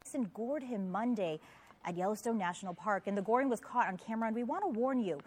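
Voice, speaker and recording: A woman's voice: medium pitch, a little mellow. Woman reading the TV news. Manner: crisp, measured newsreader delivery. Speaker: news anchor.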